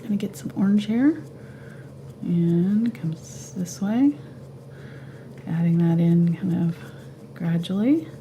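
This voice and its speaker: Relaxed woman teaching painting, slight vocal fry. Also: on the low side, slow pace, a little hiss or hum. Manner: relaxed, thinks aloud while painting. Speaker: painting instructor. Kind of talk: live painting tutorial.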